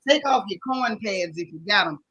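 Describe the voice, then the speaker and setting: Southern woman, livestream host, bright clear voice, dry close sound, chatty and sassy. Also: mid-range voice, expressive, moderate pace, no room sound, dull audio. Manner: chatty, greets viewers one by one, sassy slang. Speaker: show recap host. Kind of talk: casual livestream chat.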